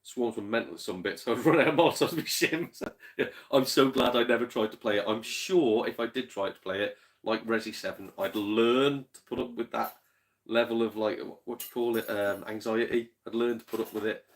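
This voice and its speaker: A man's voice: mid-range voice, a little fast. A man with a Yorkshire accent hosting a casual gaming livestream, chatting and reading out viewer comments, swearing freely and laughing often.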